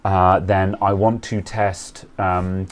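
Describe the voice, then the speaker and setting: A man's voice: low-pitched, level tone, takes it slowly. A man co-hosting a casual tech chat stream, rambling with frequent ums and restarts. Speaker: co-host of a tech talk stream.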